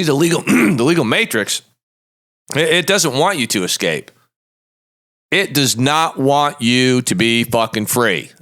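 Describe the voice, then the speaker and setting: A man's voice: medium pitch, sharp tone. A man in his fifties, a lawyer hosting a show, ranting bluntly and profanely in a combative monologue. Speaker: podcast host, lawyer.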